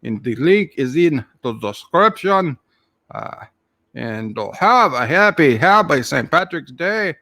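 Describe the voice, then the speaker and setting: Jokey Irish leprechaun, played by a man: put-on brogue, rambling tall-tale teller, slightly high voice, dry close recording. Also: very animated, slow pace, sharp tone, dry recording, heavily acted. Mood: cheery. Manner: rambling, jokey, full of "aye" and "wee lad". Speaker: channel host. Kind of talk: comic character monologue.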